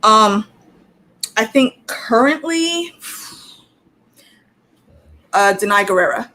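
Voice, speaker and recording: A woman's voice: a little high, lively intonation, slow, bright, forceful tone. A woman guest on a livestream, chatting casually and hesitantly, restarting her phrases. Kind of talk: casual chat.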